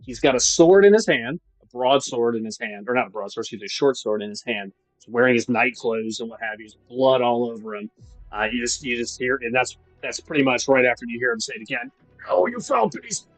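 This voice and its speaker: A man's voice: mid-range voice, fast, dry recording, faint music behind, low-quality recording. A man narrating a tabletop game as game master, casual and with frequent ums and restarts.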